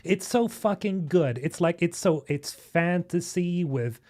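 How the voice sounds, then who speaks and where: A young man from Sweden reacting to game trailers on a live stream, excitable and swearing, talking to chat. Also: high-pitched, measured pace. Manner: excitable, swearing, chatting with viewers. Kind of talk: casual live-stream commentary.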